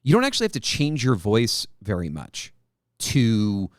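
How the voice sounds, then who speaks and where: A man's voice: lowish voice, huge pitch swings, normal speed, no room sound, studio quality. A man co-hosting a podcast, giving earnest advice on tabletop game voices and repeating words as he builds his point. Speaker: podcast co-host. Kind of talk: casual podcast discussion.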